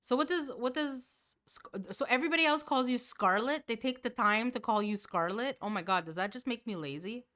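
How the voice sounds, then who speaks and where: A woman's voice: fairly high pitch, brisk, few pauses, a bit bright. A woman streamer chatting casually and playfully with her viewers. She sounds a little tired and often repeats words as she restarts.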